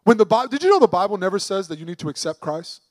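A man's voice: high-pitched, very animated, fast talker, no room sound. A man preaching a sermon in an emphatic, conversational way, putting rhetorical questions to the congregation.

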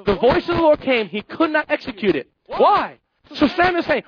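A male pastor preaching a sermon, animated, repeating phrases and acting out Bible characters. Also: high voice, normal speed, highs cut off, noisy background.

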